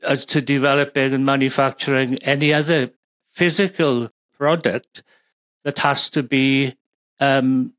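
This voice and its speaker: Welsh man, mid-pitched, dry close sound, expert guest who rambles with fillers and false starts. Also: fairly even intonation, a little slow, fairly bright tone, no room sound. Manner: rambling, with many fillers and restarts. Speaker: guest, pharma supply chain expert. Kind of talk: conversational interview.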